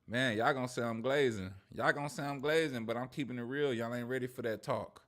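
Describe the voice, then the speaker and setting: Dude ranting on his stream, cussing nonstop, mid pitch, laughing a lot. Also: fairly quick, fairly bright tone. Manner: profane, slangy, laughing rants. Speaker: streamer and commentator. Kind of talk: casual reaction commentary.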